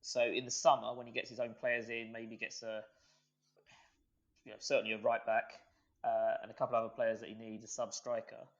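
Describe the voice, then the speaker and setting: Man giving measured opinions, muffled. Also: medium pitch, flat delivery. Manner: measured opinions with frequent fillers. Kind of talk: casual podcast discussion. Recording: slightly muffled.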